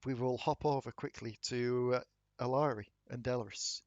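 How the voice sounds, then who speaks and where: A man's voice: mid-range voice, fairly even intonation, darkish tone, no room sound, highs cut off. A man running a tabletop game as dungeon master, joking with the players and calling for dice rolls. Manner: laughing, jokey, quick to call for rolls.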